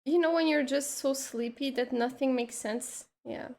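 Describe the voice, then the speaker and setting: A woman's voice: high-pitched, normal speed, gravelly, darkish tone. A woman streamer chatting casually while she draws, teasing her co-host and laughing often. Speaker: streamer drawing live. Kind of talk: casual chat while drawing.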